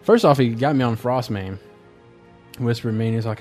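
Mellow-voiced man rambling through a story. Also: mid-range voice, normal speed, soft background music. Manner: rambling, filler-heavy storytelling. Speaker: podcast host. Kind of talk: casual podcast chat.

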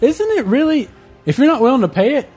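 Male podcast co-host, high and swooping voice, goofy, faint music. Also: slightly rough. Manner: goofy, animated, quick to laugh. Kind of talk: casual chat.

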